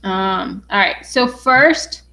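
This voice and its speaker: A young adult woman hosting a casual livestream, bubbly and excitable, with lots of "um" fillers. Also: medium pitch, very slow, creaky.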